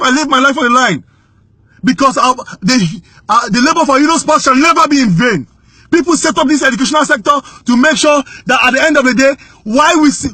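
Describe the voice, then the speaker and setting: High, bright-voiced Nigerian man, indignant. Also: no room sound. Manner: urgent and indignant, rises to shouting. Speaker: whistleblower giving testimony. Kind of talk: impassioned spoken testimony.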